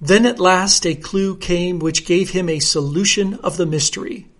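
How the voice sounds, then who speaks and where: A man reading a comic story aloud in a measured, theatrical way. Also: high-pitched, loud music behind the voice. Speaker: narrator.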